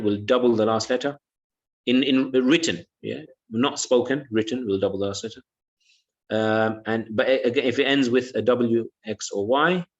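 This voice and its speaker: A man's voice: medium pitch, lo-fi sound. A male English teacher giving an online lesson, patiently repeating words and saying "yeah" often.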